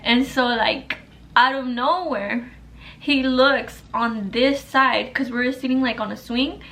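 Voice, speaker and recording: A woman's voice: sits high, steady tone, slow pace, fairly bright tone. A young woman vlogger telling a story to the camera in a rambling, profane, casual way, full of fillers.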